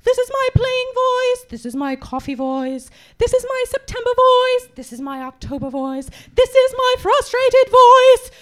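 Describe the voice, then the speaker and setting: A woman's voice: high voice, level tone, moderate pace, hardly any pauses, a little mellow, lightly acted. A woman playing a pompous, eccentric singing teacher in a comedy sketch, talking theatrically and scolding her students with grandiose, odd comparisons. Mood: haughtily scolding.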